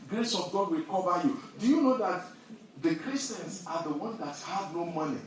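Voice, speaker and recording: A man preaches in a big, very echoey hall, his voice a little higher than most men's. He sounds distant from the mic, with faint noise behind him, and he swings from quiet storytelling to loud, forceful scripture reading. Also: moderate pace. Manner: animated, rising to loud emphasis when reading scripture. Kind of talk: sermon.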